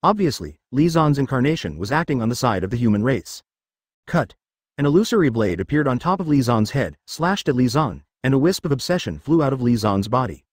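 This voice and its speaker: A man narrating a web novel aloud in an even, machine-like reading. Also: medium pitch, fairly quick, no echo, clean studio sound. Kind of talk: text-to-speech novel reading.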